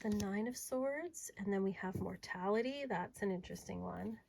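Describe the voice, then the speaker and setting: A woman talks through her tarot cards in a relaxed, chatty way, her voice sitting at an ordinary middle pitch. She gets excited over the art, then sinks into soft murmurs as she lays the cards out. A faint hiss sits under the recording. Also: moderate pace, creaky. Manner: chatty and enthusiastic, drifting to soft murmurs while handling cards. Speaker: tarot reader and deck reviewer. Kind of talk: casual show-and-tell video.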